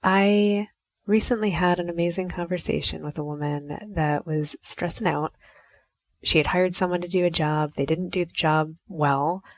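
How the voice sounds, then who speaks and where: Solo podcast host, a woman with a lowish voice, close and dry, chatty and reflective. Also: fairly even intonation, normal speed, dry recording. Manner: chatty and reflective, often acting out quoted lines. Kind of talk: casual solo podcast talk.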